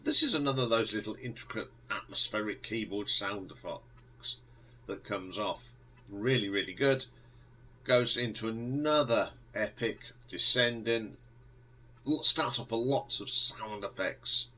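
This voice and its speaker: A man's voice: lowish voice, a little slow, a bit bright, poor audio. A man talking casually as he ranks a band's albums, rambling with many ums and restarts, enthusiastic. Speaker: music reviewer. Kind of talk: casual album review monologue.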